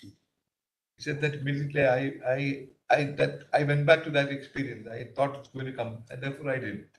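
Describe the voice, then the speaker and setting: A man's voice: medium pitch, little pitch movement, moderate pace, a little hiss or hum. A man, a judge questioning counsel in a probing, thinking-aloud way with many fillers. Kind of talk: courtroom questioning. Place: large courtroom. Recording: roomy courtroom audio.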